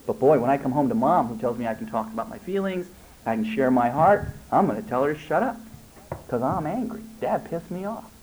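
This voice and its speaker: A man, a family therapist giving an animated workshop talk to parents and answering their questions. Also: medium pitch, fairly quick, low-quality recording. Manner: animated, acts out parent and child dialogue.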